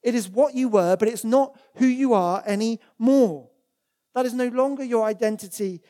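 This sermon comes from a preacher whose mid-range voice is mellow and darker in tone, speaking at a moderate pace inside a church. His earnest, emphatic style leans on repetition to hammer home each point, and he reads scripture aloud along the way.

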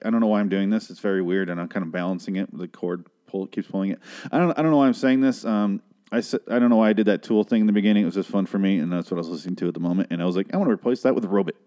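A man's voice: low-pitched, dark tone. A man hosting a solo podcast, recapping a TV episode in a rambling, self-deprecating way, with lots of swearing and fillers. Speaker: podcast host recapping a TV show. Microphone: handheld microphone.

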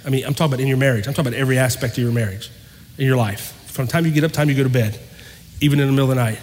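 A male pastor giving a sermon, telling a story in an animated way and acting out the dialogue. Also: mid-range voice, racing. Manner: animated, acts out quoted dialogue. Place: church. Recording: long hall reverb, faint noise.

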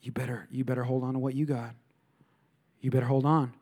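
A man's voice: mid-range voice, level tone, a little fast, mellow, pitched below the performer's own voice, lightly acted. A man doing a sly whispering tempter. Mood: insinuating.

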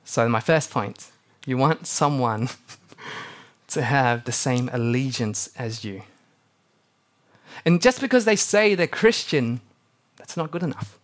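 A young man preaching a sermon to his church, telling stories with animated energy and acting out the people he quotes. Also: medium pitch, takes it slowly, pauses often. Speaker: pastor.

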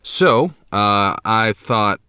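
A man's voice: lowish voice, drawn-out words, pushed and bright, clean tone, no echo, clean studio sound. A young man hosting a homemade comedy podcast from a closet, rambling in a mock-grandiose way with lots of fillers. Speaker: podcast host.

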